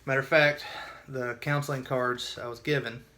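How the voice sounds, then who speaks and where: A man's voice: medium pitch, level tone, normal speed, pushed and bright, slight background noise. Earnest man rambling through a personal story. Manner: earnest, emotional, rambling with many restarts. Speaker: vlogger telling his own story.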